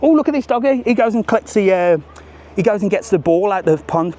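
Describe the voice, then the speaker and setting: A man's voice: high voice, expressive, fairly quick, mellow. Cheeky man vlogging outdoors. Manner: cheeky, chatty, jokes with strangers. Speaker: travel vlogger. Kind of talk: live walking vlog. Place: outdoors on a seaside promenade.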